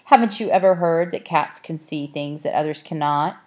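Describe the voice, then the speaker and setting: A woman's voice: deep voice, normal speed, a little mellow. Horatio, a woman playing a haughty brusque tomcat. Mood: dry, haughty. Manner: dry, clipped, condescending.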